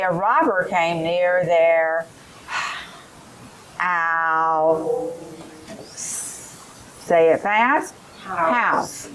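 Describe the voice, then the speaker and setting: A woman's voice: lowish voice, poor audio. A woman leading a teacher training session, giving directions and modeling phonics drills aloud.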